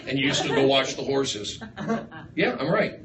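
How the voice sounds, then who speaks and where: A man doing a rambling stand-up set, riffing excitably on the crowd in a small comedy room. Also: mid-range voice, normal speed. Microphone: far live-stream phone mic. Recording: echoey, distant livestream with room noise.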